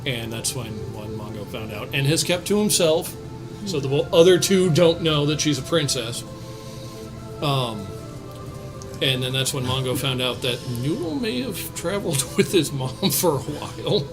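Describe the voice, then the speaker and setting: A relaxed man recaps the last tabletop session in a loose, chatty way, trailing off often. His voice sits at a middle pitch, with music playing underneath. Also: unhurried, poor audio. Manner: laid-back, trailing off with fillers and laughs. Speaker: podcast co-host recapping a tabletop campaign. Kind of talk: casual recap chat.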